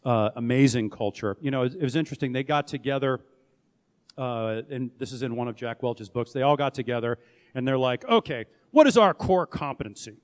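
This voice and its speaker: A man's voice: mid-range voice, fairly even intonation, brisk, darkish tone, clear, resonant tone. A middle-aged man, a company founder and CEO, giving a candid, conversational conference talk with frequent restarts. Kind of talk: conference presentation. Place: conference room or hall. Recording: long reverb of a hall.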